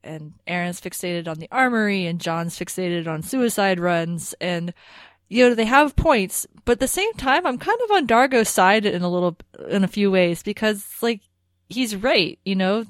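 A woman's voice: medium pitch, expressive, moderate pace, no echo, studio quality. A woman co-hosting a podcast, chatting casually and thoughtfully with plenty of hedging. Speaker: podcast co-host. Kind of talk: casual discussion.

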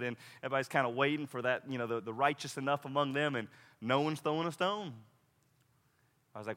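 A male pastor preaching a sermon in a lively, conversational way, acting out quoted voices along the way. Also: mid-range voice, a little fast, long reverb tail.

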